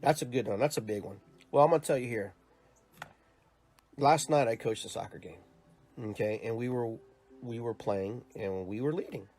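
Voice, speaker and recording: A man's voice: mid-range voice, moderate pace, long pauses, a little mellow. A man hosting his own show, talking in an earnest, rambling monologue with many repeated words. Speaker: podcast host and youth soccer coach. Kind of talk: casual reflective monologue.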